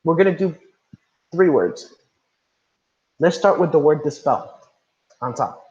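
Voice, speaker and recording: A man's voice: a little high, expressive, unhurried, a little mellow, dull audio. A male teacher leading an online class, reading instructions and calling on students by name. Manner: encouraging, calls on students by name. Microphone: video call.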